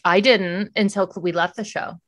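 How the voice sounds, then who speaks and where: A woman's voice: fairly low pitch, normal speed. Woman, middle-aged, chatty, storytelling, casual podcast co-host. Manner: chatty storyteller, animated when quoting others. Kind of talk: casual chat.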